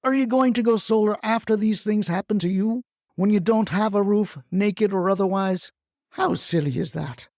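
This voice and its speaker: A woman's voice: mid-range voice, normal speed, darkish tone, no room sound, studio quality, close to an everyday voice. A performer voicing a feisty retired grandmother who rants bluntly and swears as a crusader for solar panels. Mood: ranting. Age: older. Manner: brash, scolding, blunt swearing. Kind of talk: comic audio storytelling.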